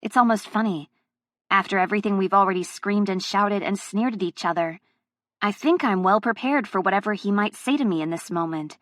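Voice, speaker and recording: A woman's voice: mid-range voice, dry recording, clean studio sound. A woman narrating a first-person audiobook, with a heated, emotionally charged delivery.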